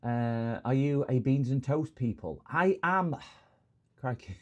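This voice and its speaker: Speaking slowly and with animation, this middle-aged man from England runs a repair livestream on a lo-fi recording. His pitch is medium. He chats casually, jokes around with viewers, rambles between subjects, and welcomes the chat with loud bursts of hello.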